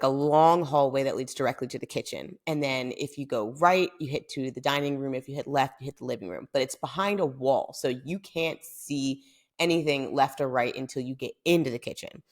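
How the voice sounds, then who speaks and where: A young woman from the United States tells a story on her podcast in a chatty, animated way. Her voice sits low and has plenty of gravelly vocal fry. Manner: chatty, animated, lots of fillers. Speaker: podcast host. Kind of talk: casual storytelling.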